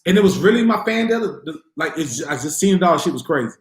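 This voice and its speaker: A man with a high voice hosting a casual livestream, talking in loose, profane bursts and acting out what he and others said. The sound is echoey, like a bare room. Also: fast talker. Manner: profane, animated storytelling with voiced quotes. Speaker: livestream host answering viewer questions.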